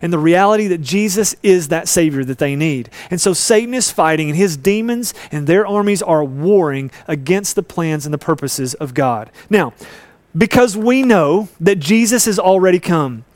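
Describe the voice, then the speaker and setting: A man's voice: a little high, lively intonation, moderate pace, a little mellow, dry recording. A man preaching a sermon, earnest and storytelling, acting out voices in a Bible story. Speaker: pastor.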